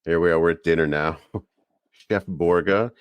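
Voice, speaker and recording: A man from the US Northeast co-hosting a podcast, telling stories in a rambling, animated way. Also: sits low, moderate pace, no echo. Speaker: podcast co-host. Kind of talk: casual chat.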